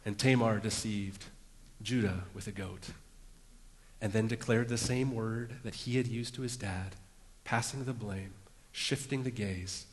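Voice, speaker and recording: A man's voice: lowish voice, unhurried. Man preaching in a reverberant hall. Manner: earnest preaching, dropping to a hush for emphasis. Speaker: pastor. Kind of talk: sermon.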